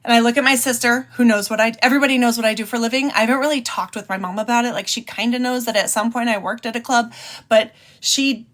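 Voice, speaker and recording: A woman's voice: a little high, fairly even intonation, fast, fairly bright tone. A young woman hosting a podcast, bluntly telling an emotional personal story and swearing freely. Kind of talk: candid storytime monologue.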